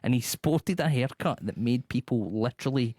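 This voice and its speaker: A man with a Scottish accent co-hosting a comedy chat, delivering prepared film trivia in a brisk, jokey way. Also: medium pitch, mellow, dry recording, clean studio sound. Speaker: co-host.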